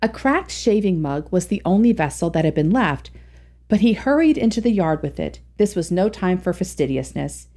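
A woman's voice: on the low side, sing-song, normal speed, warm tone. A woman reading a classic humorous short story aloud as a storyteller, narrating expressively.

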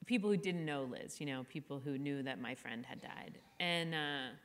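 A middle-aged woman author talks candidly at a live event, chatty and self-deprecating. Her voice is bright and forward, pitched on the lower side for a woman. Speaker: author guest. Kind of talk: candid conversational interview.

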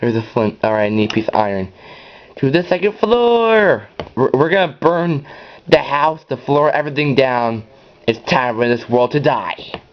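Excitable rambling gameplay commentator, lo-fi. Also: male voice, normal speed, a little hiss or hum. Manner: rambling, excitable, bursts into high yells. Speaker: gameplay channel host. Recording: dull lo-fi recording.

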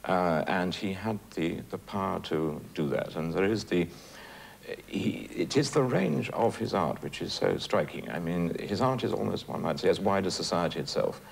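A man with a very deep voice and a gravelly edge thinks aloud, pausing on fillers as he searches for words. A faint hiss sits behind him. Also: lively intonation. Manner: reflective, hesitant with many fillers. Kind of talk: documentary commentary.

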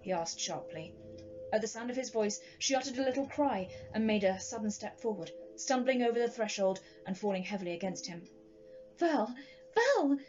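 A woman from Sheffield, England, giving a measured, dramatic reading of a classic ghost story. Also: medium pitch, darkish tone, lo-fi sound, faint music behind.

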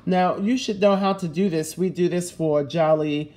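A man's voice: high-pitched, moderate pace, a little mellow. A man teaching a fifth-grade lesson in a recorded video, giving patient step-by-step instructions.

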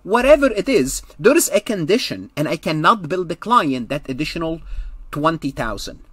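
A man's voice: a little high, big pitch swings, normal speed, fairly bright tone, breathy edge, dry recording. Male accounting lecturer, dry close sound, repeats and restates as he walks through an example. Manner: explains step by step, repeats key points, frequent restarts. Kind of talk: recorded lecture.

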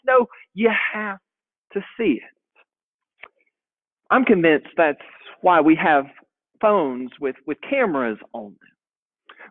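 Thirty-something pastor telling a story in a sermon, folksy, stumbles over words, high-ish voice, tinny dry sound. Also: male voice, dry recording. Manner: conversational, folksy, frequent word repeats.

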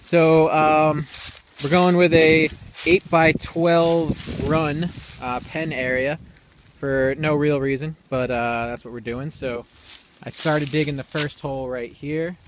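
A man's voice: a little high, flat delivery, takes it slowly, slight background noise. A young man casually explaining his outdoor building project on rural land, rambling a bit with fillers, recorded on a camera mic outdoors. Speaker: DIY video maker.

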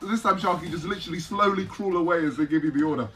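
Bright, high-pitched excitable male reactor. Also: fast talker. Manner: excitable, shouting instructions. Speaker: video reactor. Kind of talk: reaction commentary.

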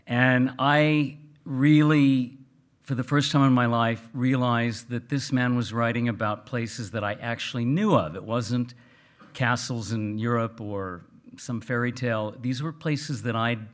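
A man from South Texas, speaking earnestly to an audience at a book event, halting and full of fillers. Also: medium pitch. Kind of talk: casual remarks to an audience.

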